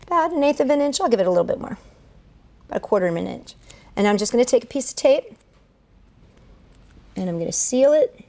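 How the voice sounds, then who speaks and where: A woman's voice: fairly high pitch, lively intonation, fast talker, long pauses, darkish tone. A woman who entertains at children's events, walking viewers through a duct tape craft step by step. She talks while she works and keeps an upbeat, encouraging tone. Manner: chatty, narrates each step aloud while working with her hands.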